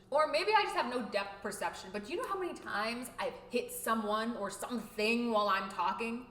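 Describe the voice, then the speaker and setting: A young woman talking to camera in a casual vlog, animated and expressive, going from loud to quiet. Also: on the high side, reverberant. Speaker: vlogger.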